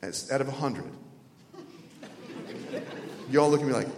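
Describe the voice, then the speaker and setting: A man preaching a sermon, telling stories with feeling, from loud exclamations down to hushed near-whispers. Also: medium pitch, measured pace, a crowd in the background, background noise. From North Carolina. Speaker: pastor. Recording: echoey hall with long reverb.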